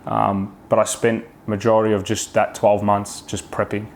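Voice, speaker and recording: A man's voice: lowish voice, monotone, moderate pace, vocal fry, darkish tone, slight background noise. A man with an Australian accent, a podcast guest talking frankly in casual chat, swearing freely and restarting his sentences often.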